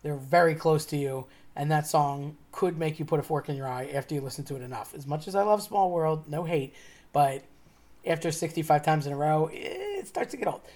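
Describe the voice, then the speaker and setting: A woman's voice: low-pitched, animated, fairly quick, mellow. A woman telling a personal story in a casual, chatty way, wry and often laughing as she talks. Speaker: storyteller host.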